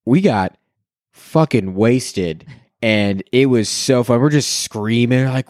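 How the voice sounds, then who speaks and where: A man's voice: mid-range voice, unhurried, dry recording, clean studio sound. A man co-hosting a casual chat, telling stories with lots of laughter and silly voices. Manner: laughing, animated storyteller doing silly voices. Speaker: podcast co-host.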